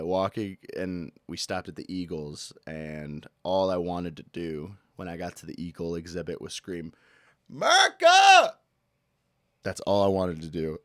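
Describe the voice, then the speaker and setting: A low-pitched man complains about daily annoyances on his casual solo podcast, mixing jokes into the rant. He's lively and quick to holler a bit, and the studio recording is clean and dry.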